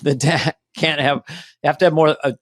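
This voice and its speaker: A man co-hosting a podcast, playful and animated as he chats, with a slightly raised voice. The sound is close and dry, with no room echo. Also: on the high side. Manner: animated and playful, slips into quick impressions. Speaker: podcast co-host. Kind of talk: casual chat.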